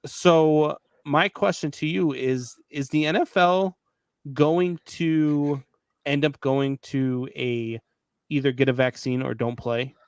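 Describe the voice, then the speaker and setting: A man's voice: on the high side, fairly even intonation, takes it slowly, smooth, no echo. A man hosting a casual sports talk show, speaking conversationally and moving the discussion from one headline to the next. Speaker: host.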